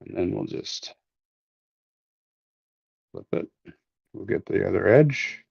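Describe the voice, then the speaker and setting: A man's voice: low voice, slow, creaky, a little mellow, husky, no echo. A man hosting a casual livestream from a workshop, demonstrating 3D scanning while joking and rambling with plenty of fillers and restarts. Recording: slightly dull, lo-fi stream audio.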